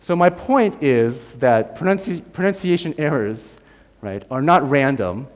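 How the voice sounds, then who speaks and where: A man's voice: on the high side, lively intonation, measured pace. An American man giving a university lecture. He explains step by step, demonstrates sounds aloud and keeps checking in with "right?". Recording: long hall reverb.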